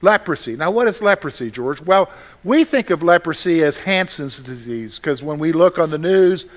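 Man pastor with a high voice, casual conversational sermon, asks the room questions. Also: lively intonation, normal speed.

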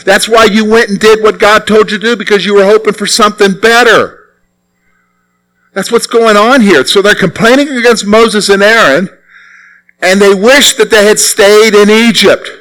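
High, bright-voiced male preacher. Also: normal speed, poor audio. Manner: animated, conversational, asks the listeners rhetorical questions. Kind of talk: sermon.

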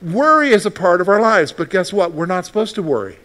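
High-voiced man preaching a sermon. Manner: reads scripture slowly, then preaches with lively rhetorical questions. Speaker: pastor.

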